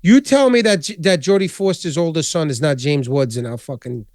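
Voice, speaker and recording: A man hosting a podcast, chatting casually in a rambling, animated way and swearing constantly. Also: fairly high pitch, fairly quick, no echo, clean studio sound. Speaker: podcast host. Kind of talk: casual chat.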